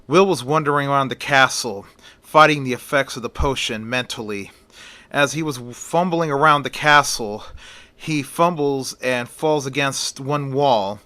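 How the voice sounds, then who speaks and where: A man narrating a horror story in a slow, plain retelling manner. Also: mid-range voice, pushed and bright, dry recording.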